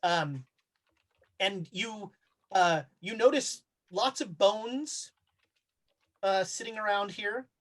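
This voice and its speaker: A man's voice: high voice, slow, pauses often. A man running a tabletop horror game, narrating scenes casually with many fillers and restarts. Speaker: game master.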